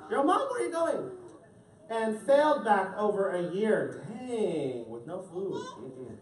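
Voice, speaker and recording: With a medium-pitched, slightly mellow voice that swings widely in pitch, a drag queen reads a picture book a little slowly to children, cracking playful jokes to the audience. The family crowd in this indoor event space is heard in an echoey, distant recording with a faint hiss or hum.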